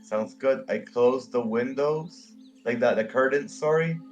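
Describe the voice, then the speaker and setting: A man playing a tabletop game, talking slowly and hesitantly with many fillers. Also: medium pitch, soft background music. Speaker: player.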